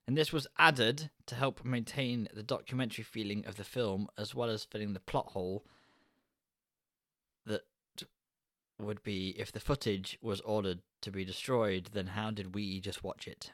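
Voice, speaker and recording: A man's voice: fairly low pitch, steady tone, moderate pace, fairly bright tone, no echo, clean studio sound. A man co-hosting a film podcast, reading trivia aloud in a playful way. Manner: playful, reads facts aloud. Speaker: podcast co-host. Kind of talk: casual film chat.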